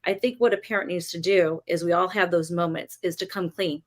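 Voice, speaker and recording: A woman's voice: on the low side, fairly even intonation, fairly quick. A woman and parent talking casually in a discussion, thinking aloud with fillers.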